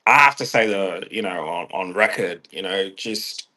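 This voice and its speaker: A man's voice: low voice, normal speed, sharp tone. A man with a stuffed-up nose, rambling and ranting in a casual vlog, swearing freely and restarting his phrases. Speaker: vlogger.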